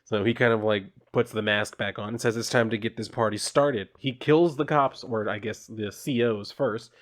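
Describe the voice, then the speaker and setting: A man's voice: fairly low pitch, fairly even intonation, moderate pace. A man casually summarizing and reviewing a comic issue, talking in a loose, offhand, informal way.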